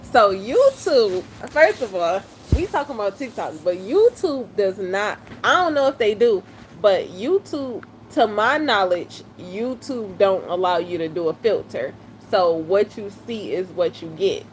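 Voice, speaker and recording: A woman's voice: medium pitch, expressive, slight background noise. A woman, chatting casually and laughing often during a live stream. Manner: laughing, chatty, drawn-out exclamations.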